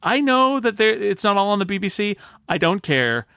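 A man's voice: sits high, very animated, moderate pace, pushed and bright, no echo, clean studio sound. A man from the United States hosting a casual panel chat, ranting in jokey mock-pompous bursts with laughs. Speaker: podcast host.

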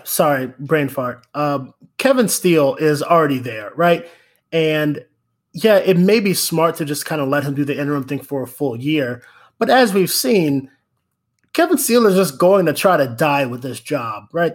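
A man co-hosting a sports podcast, talking casually in a rambling way with quick asides. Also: a little high. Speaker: podcast co-host.

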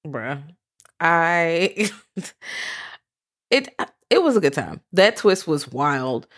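A woman's voice: low voice, big pitch swings, extremely slow, a bit bright. A woman co-hosting a podcast, talking through horror films in a laid-back, joking, slangy way. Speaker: podcast co-host. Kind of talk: casual chat recapping films.

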